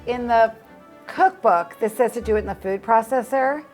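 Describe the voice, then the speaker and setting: A woman hosting a casual cooking demonstration in a home kitchen, chatty and quick to laugh. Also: on the high side, loud music behind the voice. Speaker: cooking show host.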